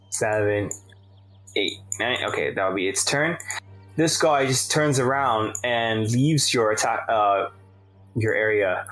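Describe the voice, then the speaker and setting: A man acting as game master in a tabletop role-playing game, narrating casually with many pauses and laughs. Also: lowish voice, a bit bright, rough recording. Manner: casual, hesitant with fillers, laughs often.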